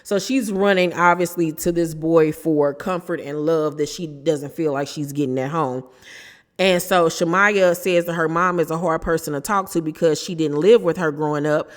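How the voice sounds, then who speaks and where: Opinionated woman recapping, hall reverb. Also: sits low. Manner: animated, opinionated, quotes people in quick bursts. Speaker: reality TV recap host. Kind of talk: casual chat recap.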